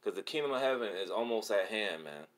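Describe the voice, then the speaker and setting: A man with a lowish voice preaches from scripture in a loose, excited street style. He swears freely and keeps calling his listeners "man." His delivery jumps between calm reading and fired-up exhortation. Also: quick pace. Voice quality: profane, slangy speech. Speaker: religious video presenter. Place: Atlanta.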